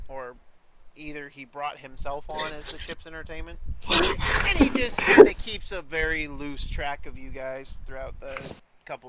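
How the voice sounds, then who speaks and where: A man's voice: fairly high pitch, sharp tone, slight background noise, poor audio. A man narrating as dungeon master in a loose, rambling way with many fillers. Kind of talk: narrating a tabletop game.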